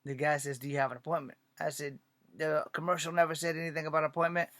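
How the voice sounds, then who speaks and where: An aspiring filmmaker from Virginia tells a long personal story in a casual monologue, swearing often and acting out other people's lines with animated energy. His voice is fairly high and he talks fast, on a dry recording.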